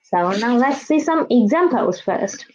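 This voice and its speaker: Against a noisy background, a woman with a fairly high, expressive voice speaks a little slowly. Her native language is Vietnamese, and she teaches an introductory Chinese lesson with repeat-after-me drills, patiently exaggerating tones as she models them. The recording is slightly dull and lo-fi.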